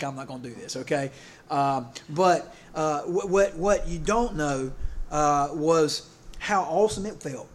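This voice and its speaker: A middle-aged man, preaching a casual sermon in a rambling, halting way, full of fillers and restarts. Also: on the high side. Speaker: pastor.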